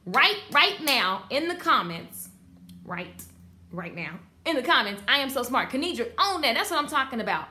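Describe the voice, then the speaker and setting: A woman teaching a live online class for hairstylists, talking straight to her viewers in an emphatic, animated way and reading out their comments. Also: sits high, normal speed. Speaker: beauty business coach.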